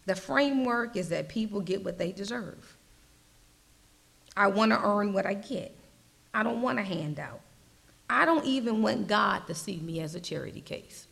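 A woman preaching a slow, earnest sermon, sometimes dropping her voice to a soft whisper. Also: mid-range voice, lively intonation, vocal fry.

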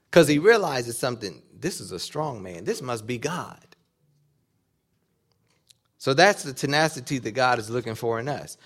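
A man delivers an animated sermon in a church or conference hall. His voice sits in an ordinary middle range, and he moves between building emphasis and quiet asides as he acts out short quoted exchanges. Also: medium pitch. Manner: animated preaching, acting out quoted dialogue. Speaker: preacher.

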